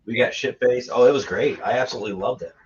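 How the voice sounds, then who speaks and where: A man's voice: medium pitch, fast, a little hiss or hum. A man telling crude, laughing travel stories in a casual podcast chat. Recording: dull lo-fi sound.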